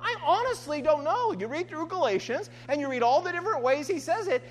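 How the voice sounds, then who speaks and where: A woman's voice: high-pitched, very animated, a little fast. A woman preacher delivering a sermon in an emphatic way, often asking her listeners "right?". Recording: long hall reverb, faint hum.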